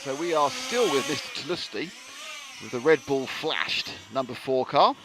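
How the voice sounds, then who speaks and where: A man's voice: medium pitch, lively intonation, moderate pace, noisy background. A man giving live commentary on a model car race, joking and rambling between calls. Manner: jokey, self-deprecating, rambling asides.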